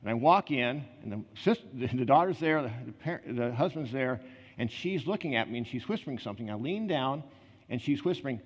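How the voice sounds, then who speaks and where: A man preaching a conversational sermon, telling personal stories in an earnest way with quick asides and restarts. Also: medium pitch, lively intonation. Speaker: pastor. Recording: reverberant hall, slightly muffled.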